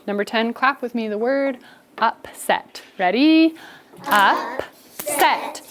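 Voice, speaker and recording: A woman teaching a first grade spelling lesson, giving brisk, encouraging instructions to her class. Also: on the high side, slight background noise.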